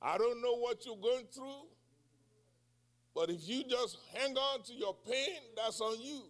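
In a very high voice and an unhurried manner, a preacher in his sixties delivers a sermon. He asks questions for the congregation to respond to and cries out in prayer.

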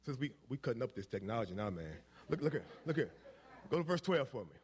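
A male pastor preaching a sermon, swinging between quiet asides and shouted, repetitive declarations. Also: mid-range voice, sing-song, quick pace.

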